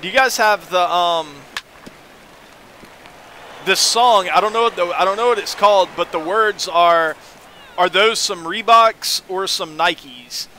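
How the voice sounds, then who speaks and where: A man quoting a male radio caller who asks haltingly and eagerly about a song. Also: high voice, pushed and bright, a little hiss or hum.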